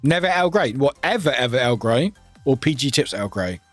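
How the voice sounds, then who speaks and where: A man's voice: medium pitch, sing-song, normal speed, no room sound, faint music behind. A British man chatting casually with his livestream viewers, rambling and often laughing at himself. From United Kingdom.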